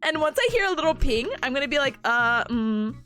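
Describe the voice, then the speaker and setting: A woman's voice: high voice, very animated, a bit bright, soft background music. Bubbly giggly young woman streamer. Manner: bubbly, giggly, gushing, quick to laugh. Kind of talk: casual study stream chat.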